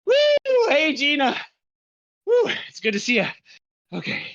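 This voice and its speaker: A man hosts a casual live podcast, out of breath as he introduces each guest while pedaling. His voice has a bright, forceful edge. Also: extremely high pitch, very animated, unhurried, highs cut off. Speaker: podcast host.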